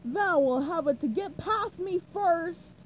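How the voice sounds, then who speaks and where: A woman doing a booming stern dark knight. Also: expressive, a little hiss or hum, exaggerated voice, low-quality recording. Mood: formal. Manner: slow, loud, old-fashioned speech.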